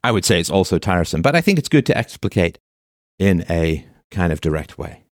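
A man's voice: low voice, big pitch swings, brisk, dry recording, clean studio sound. A man delivering a monologue of commentary in a sarcastic manner, now and then mocking the voices of the people he quotes.

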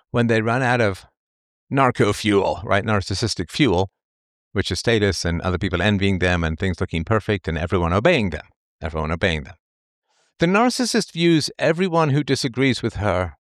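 A man's voice: on the low side, expressive, normal speed, no room sound, clean studio sound. A man delivering an opinion monologue as a commentator, rambling and emphatic, often repeating himself and brushing details aside. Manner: dismissive asides.

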